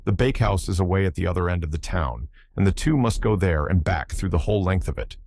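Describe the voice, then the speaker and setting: A man reading a novel aloud in first person as an audiobook narrator, in a measured, somber manner. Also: low voice, darkish tone, no echo.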